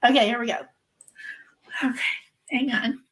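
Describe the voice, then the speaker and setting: A woman's voice: a little high, fairly even intonation, normal speed, a bit bright, poor audio. A woman hosting a live true-crime stream, reading a legal document aloud and breaking off for wry asides to her viewers.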